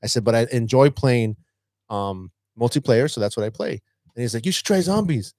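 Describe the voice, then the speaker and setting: Brief: male podcast co-host, teacher, lively storyteller, dry sound, middle pitch. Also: moderate pace, no room sound. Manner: animated, acts out a student's lines. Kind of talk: casual storytelling chat.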